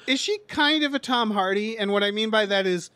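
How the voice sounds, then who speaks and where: A man co-hosting a casual podcast, talking about upcoming films in a loose, jokey ramble. His voice sits high for a man. The sound is dry and close. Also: brisk, pushed and bright, no echo. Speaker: podcast co-host. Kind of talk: casual chat about film trailers.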